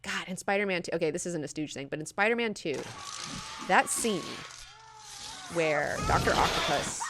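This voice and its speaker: A young woman chatting excitedly about movies, swearing freely with lots of fillers and laughter. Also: lowish voice, moderate pace, heavy background noise. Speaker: movie news vlogger. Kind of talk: casual movie chat.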